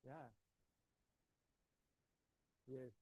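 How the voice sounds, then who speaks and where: A man's voice: drawn-out words, warm tone, no echo. A man teaching a live conference workshop, talking in a casual, chatty way with fillers and restarts. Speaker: workshop instructor. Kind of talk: live technical workshop talk.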